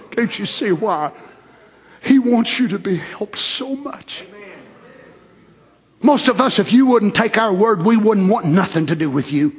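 A man preaching a fervent sermon, repeating phrases and rising to shouts. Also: sits high, expressive, measured pace, pauses often, breathy edge.

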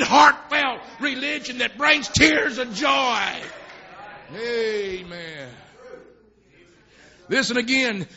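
A man preaching a sermon at a church service, telling folksy, rambling stories that swell into fervent shouts. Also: sits high. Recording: dull lo-fi recording.

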